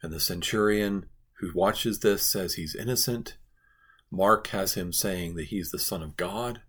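A man's voice: deep voice, a little slow, fairly bright tone, husky. A male pastor giving an earnest devotional Bible teaching, stressing points by repeating phrases.

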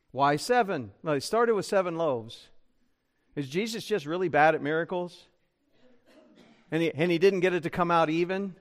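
A man preaching a sermon as pastor, conversational and full of rhetorical questions to the congregation. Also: high-pitched. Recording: church broadcast recording.

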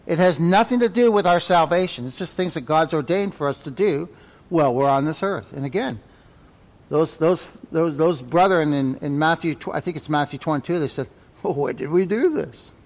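A man teaching a Sunday school Bible class, folksy and conversational, often repeating his points and asking "right?" His voice sits a little high for a man. Long reverb from the church hall trails each phrase. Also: moderate pace.

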